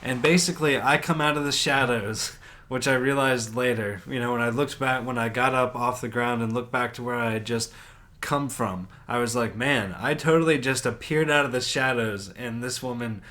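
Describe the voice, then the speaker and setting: A man co-hosting a podcast, telling a story in casual chat, animated and swearing a lot as he acts out his own reactions. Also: mid-range voice, normal speed, few pauses. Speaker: podcast co-host.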